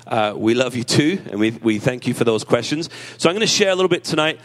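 A man's voice: expressive, quick pace. Tearful man preaching conversationally. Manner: emotional, conversational preaching with self-deprecating humor; rises in pitch and emphasis when reading scripture. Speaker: pastor. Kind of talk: sermon.

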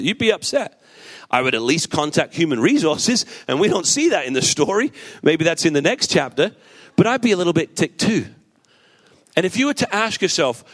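A male pastor with a slightly high voice preaches a sermon in a conversational, storytelling style. He poses rhetorical questions to the congregation and repeats his points for emphasis.

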